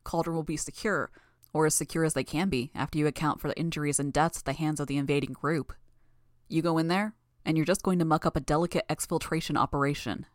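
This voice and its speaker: A woman voicing a smug, unfazed man in an audiobook, calm and dismissive. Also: low-pitched, fast talker, no room sound, clean studio sound, lightly acted.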